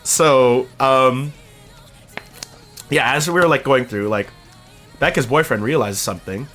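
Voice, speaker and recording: A man's voice: mid-range voice, a little slow, a bit bright, soft background music. A young man streaming, telling a long story in a casual, rambling way, swearing freely and laughing as he goes.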